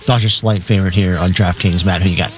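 A man's voice: low voice, fairly even intonation, quick pace, faint music behind. A man co-hosting a sports radio show, reading games and odds in a matter-of-fact way. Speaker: co-host reading betting lines. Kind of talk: casual sports radio chat.

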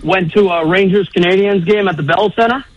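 A man's voice: high-pitched, brisk, dry recording. Male radio caller on a phone line. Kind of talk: telling a story on a call-in show. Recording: dry phone-line audio.

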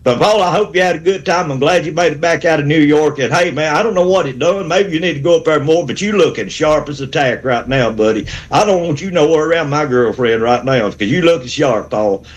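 A man's voice: a little high, brisk, few pauses. A man, calling a sports radio show with a rambling, fired-up pep talk. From Alabama. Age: 60s. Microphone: phone call.

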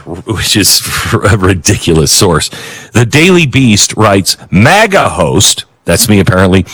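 Lively, bright-voiced male talk host. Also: lowish voice. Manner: animated, sarcastic, chuckling. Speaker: political talk show host. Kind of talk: opinionated commentary.

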